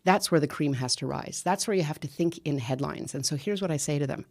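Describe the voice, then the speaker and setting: A woman talking as a guest on a podcast, explaining communication advice with lively storytelling. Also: sits low, a little fast. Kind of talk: podcast conversation.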